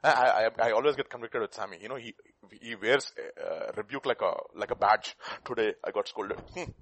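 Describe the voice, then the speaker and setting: A man preaching a sermon, swinging between loud bursts and hushed asides. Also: mid-range voice, a little fast, husky, no echo.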